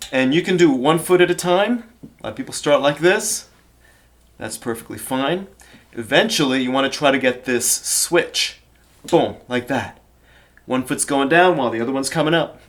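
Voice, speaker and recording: A man's voice: mid-range voice, animated, normal speed. A male fitness trainer demonstrating exercises, encouraging beginners and counting reps aloud while getting out of breath.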